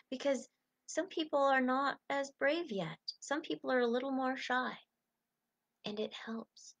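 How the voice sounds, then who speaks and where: Soothing woman coaching through breathing. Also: fairly high pitch. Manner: soothing and encouraging, slows down for breathing cues. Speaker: coach leading a self-help group. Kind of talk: gentle guided coaching talk.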